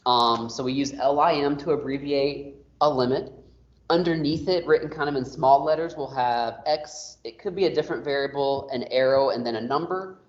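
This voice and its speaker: A man's voice: medium pitch, moderate pace. A man teaching an online math class, explaining casually with lots of fillers. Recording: roomy, dull lo-fi audio.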